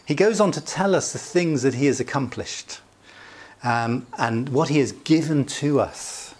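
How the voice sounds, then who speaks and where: A middle-aged pastor delivers a conversational sermon, chatty and jovial, chuckling often and filling his talk with asides. His voice is mid-range and a little slow.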